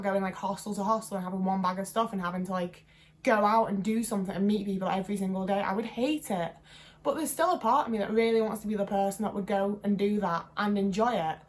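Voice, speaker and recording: A woman in her twenties talking to camera in a casual vlog, chatty and rambling with lots of fillers and self-deprecating asides. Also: medium pitch. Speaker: vlogger.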